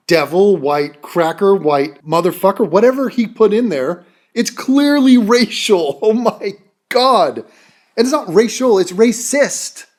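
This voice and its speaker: A man's voice: sits high, darkish tone. Profane sarcastic male ranter. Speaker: commentary video host. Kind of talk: ranting commentary.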